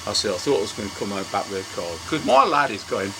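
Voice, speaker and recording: A man's voice: on the low side, big pitch swings, fast talker, background noise. A man in casual, sweary chat, telling a story and acting out both sides of it. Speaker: storytelling co-host. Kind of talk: casual pub-style chat.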